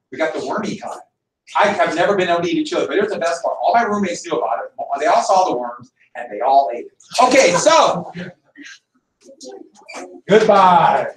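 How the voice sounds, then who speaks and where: With a high voice, an animated man from Montana, USA, tells a story to his high school history class, voicing each character. The classroom is echoey and the mic is distant.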